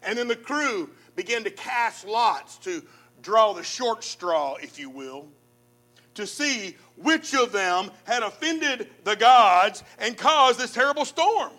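A man preaching a sermon, reading scripture dramatically with loud swells and sudden soft drops, then speaking directly to his listeners. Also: high-pitched, lively intonation, slow. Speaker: pastor.

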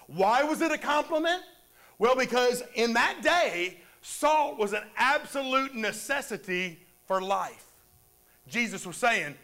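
A man's voice: very high-pitched, bright, forceful tone. A man preaching a sermon in church, calling for amens from the congregation. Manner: preaching with call-and-response amens. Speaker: pastor.

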